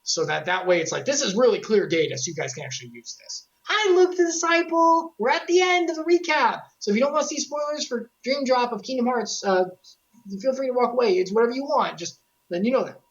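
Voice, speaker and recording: A woman streamer recapping a video game series in casual commentary, excitable and joking, with quick asides to her chat. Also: on the high side, muffled recording.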